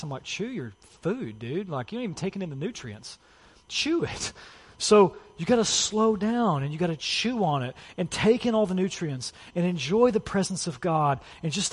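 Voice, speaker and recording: A pastor in his thirties preaches in an easygoing, conversational way, dropping in "like" and "you know" as he talks. His voice sits a little high for a man. The sound carries a long reverb from a church hall. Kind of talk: sermon. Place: church sanctuary.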